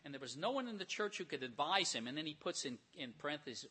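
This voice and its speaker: A man preaching a sermon, retelling scripture stories with animated storytelling and acted-out voices. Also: on the high side, fast, breathy edge. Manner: animated storytelling, acts out characters.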